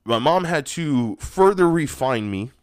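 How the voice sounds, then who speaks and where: A man hosting his own podcast, telling personal stories in a ranty, profane, animated way that gets loud when he is excited. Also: a little high, a little slow, no echo, studio quality. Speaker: podcast host. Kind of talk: ranty personal storytelling monologue.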